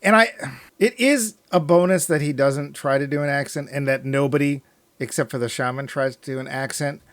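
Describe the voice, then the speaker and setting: A man's voice: a little high, a little fast, fairly bright tone, dry recording. A man co-hosting a movie podcast, talking in a sarcastic, joking way and laughing often. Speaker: podcast co-host. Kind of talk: casual movie review chat.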